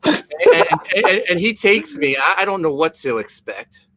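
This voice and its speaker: Rambling, animated man telling a story. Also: on the high side, moderate pace. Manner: rambling storyteller, stumbles and repeats words. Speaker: podcast co-host. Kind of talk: casual comedic chat.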